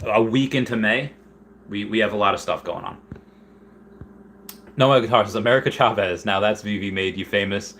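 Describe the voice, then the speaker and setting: Rambling low-voiced man chatting casually. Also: pushed and bright, a little hiss or hum. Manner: rambling, with frequent restarts and fillers. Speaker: streamer answering chat questions. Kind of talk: casual live-stream chat.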